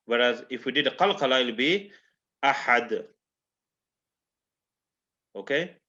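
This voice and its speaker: A man's voice: medium pitch, animated, brisk, pushed and bright. Male recitation teacher on a video call, muffled lo-fi sound, patient, keeps checking students follow. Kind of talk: online class teaching. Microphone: video call microphone.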